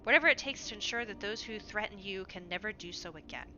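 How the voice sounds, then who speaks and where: A woman voicing an earnest young male diplomat in a video game, calm and measured. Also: mid-range voice, lo-fi sound, music in the background, close to an everyday voice.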